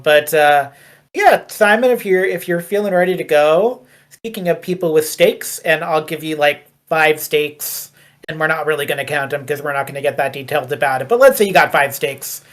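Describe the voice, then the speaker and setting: Relaxed GM, narrating with jokey tangents. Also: mid-range voice, moderate pace. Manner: rambling, joking asides. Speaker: game master. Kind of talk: narrating a tabletop game.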